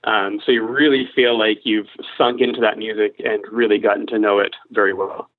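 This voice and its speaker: A male opera tenor from Nova Scotia, talking in a casual interview with frequent pauses and ums. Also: fairly low pitch, flat delivery, dry recording. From Nova Scotia, Canada. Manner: thoughtful, many ums and restarts. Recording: tinny phone-like dry line.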